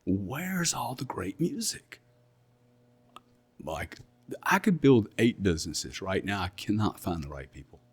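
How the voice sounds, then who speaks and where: A man's voice: on the low side, very animated, measured pace, husky. A middle-aged man with an English accent, a guest in an interview, talking bluntly and emphatically and often repeating himself. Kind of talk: casual interview talk.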